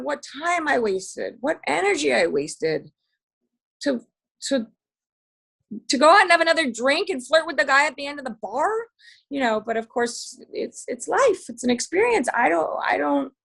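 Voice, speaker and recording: A middle-aged woman in a casual chat as a podcast guest, candid and animated, swearing freely. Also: sits high.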